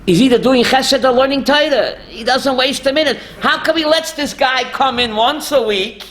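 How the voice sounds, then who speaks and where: A man, a rabbi, telling stories in a lively talk and quizzing his listeners. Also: extremely high pitch, moderate pace. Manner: animated, asks the audience questions. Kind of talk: storytelling Torah talk with audience.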